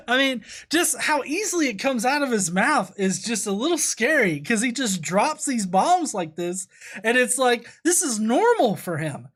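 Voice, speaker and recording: A woman's voice: on the high side, very animated, moderate pace, breathy edge. Sarcastic, swearing woman streamer. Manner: profane, sarcastic, laughs often. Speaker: streamer reacting to a video. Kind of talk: casual live-stream commentary.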